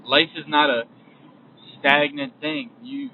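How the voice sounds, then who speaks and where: A man's voice: fairly high pitch, huge pitch swings, slow pace, gravelly. Young guy rambling motivational talk in his car, far from the mic, tinny phone-ish sound. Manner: casual, repetitive, trails off and restarts. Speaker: podcast host. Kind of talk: motivational monologue while driving. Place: in a vehicle. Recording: distant, phone-like lo-fi recording with faint road noise.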